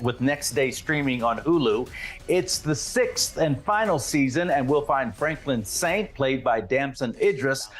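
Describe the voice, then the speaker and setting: Guy hosting a streaming show, kinda high voice, upbeat and chatty. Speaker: show host. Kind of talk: scripted streaming roundup and casual chat.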